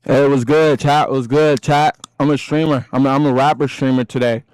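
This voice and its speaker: A man's voice: medium pitch, fairly even intonation, normal speed, a little mellow, smooth, dry recording, poor audio. A young man livestreaming, chatting with his viewers in slangy, hyped talk and rapping along to songs on a close desk mic. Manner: slangy, hyped, addresses chat constantly, raps lines between chatter. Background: music playing.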